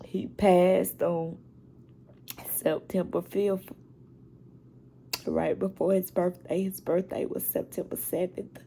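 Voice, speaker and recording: Slow gravelly-voiced middle-aged woman vlogging. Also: fairly low pitch, little pitch movement, mellow, a little hiss or hum. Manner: heartfelt, talking straight to viewers. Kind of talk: personal video diary. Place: at home.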